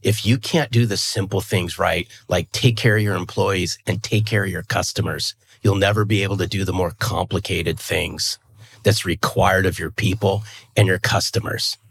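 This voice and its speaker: Deep gravelly earnest man. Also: fairly even intonation, moderate pace, a bit bright. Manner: earnest, emphatic, repeats words as he restarts. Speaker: guest. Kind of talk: conversational interview.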